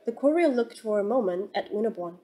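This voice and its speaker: A woman narrating a classic novel as an audiobook reader, in a calm, even storytelling manner. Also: mid-range voice, brisk, rough recording. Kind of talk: scripted narration.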